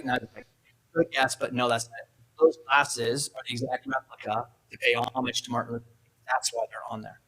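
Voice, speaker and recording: A man's voice: medium pitch, steady tone, fairly quick, sharp tone, poor audio. A middle-aged man giving a motivational speech at an awards event, telling a family story and acting out the dialogue. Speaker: keynote speaker. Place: event hall.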